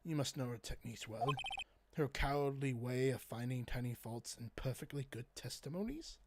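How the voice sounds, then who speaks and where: A man reading a haughty, scornful male prosecutor in a courtroom game, in a measured, sneering way. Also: medium pitch, expressive, heavy background noise, close to an everyday voice. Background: loud game music.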